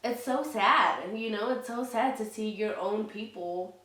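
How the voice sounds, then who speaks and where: A Latina vlogger speaks frankly and heatedly to her viewers in a loose, unscripted video, swearing freely and leaning on fillers like "you know." Her middle-pitched voice is fairly bright and a little slow. She's recorded from a distance, so the audio sounds roomy, as though she's sitting back from the mic.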